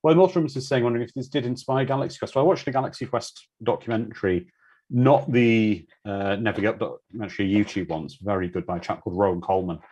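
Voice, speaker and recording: A man's voice: lowish voice, fast talker, a little mellow, breathy edge. A man hosting a live watch-party commentary, chatting casually and answering viewer comments.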